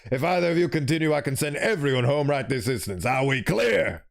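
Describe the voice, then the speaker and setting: A man voicing a stern father figure, commanding and loud. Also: medium pitch, expressive, fairly quick, gravelly.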